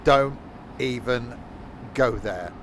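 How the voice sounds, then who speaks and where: A man's voice: mid-range voice, extremely slow, slight background noise. A man streaming a train simulator game, chatting casually and joking as he reads his viewers' messages. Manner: joking banter, reading viewers' chat. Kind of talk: casual gameplay commentary.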